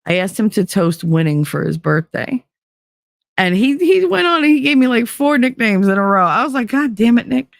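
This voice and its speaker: A woman's voice: mid-range voice, big pitch swings, moderate pace, vocal fry, dry recording, studio quality. A woman live streamer in casual chat, rambling from one story to the next, giggling and swearing freely.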